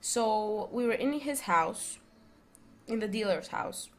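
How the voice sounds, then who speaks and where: A young woman vlogging, telling a story in a rambling, animated way full of fillers and restarts. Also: mid-range voice, slow. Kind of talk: casual storytelling.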